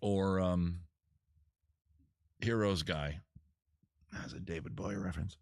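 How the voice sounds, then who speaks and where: A man's voice: deep voice, fairly even intonation, slow, creaky, no room sound, clean studio sound. A man hosting a casual music and drinking show, rambling through self-mocking jokes between songs. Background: guitar music.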